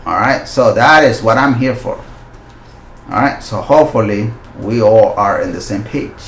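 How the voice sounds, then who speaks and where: A male forex channel host giving live market analysis, excitable and slipping into loud hype and exclamations, with non-native English phrasing. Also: medium pitch, normal speed, reverberant.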